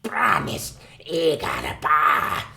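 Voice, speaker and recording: A small, bad-tempered goblin with a gravelly, creaking rasp, as a man puts him on for a tabletop game. The voice is bright and pinched and swoops wildly up and down, and each word is dragged out slowly. He sounds set back from the mic, with a faint hiss behind him. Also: a little high, wildly swooping pitch, heavily acted. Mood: gloating. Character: small angry male goblin with a javelin.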